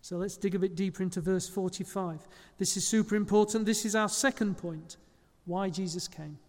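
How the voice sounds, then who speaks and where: Speaking at a normal speed, this pastor delivers his sermon conversationally, pausing here and there to fix a slip. He has a fairly high male voice, and every line echoes through the lingering reverb of a church hall.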